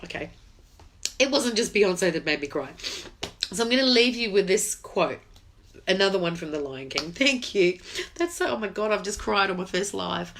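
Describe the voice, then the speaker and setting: A woman's voice: on the low side, a bit bright. A middle-aged woman hosting a live video, talking in a chatty, heartfelt, exclamatory way. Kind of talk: casual live-stream chat.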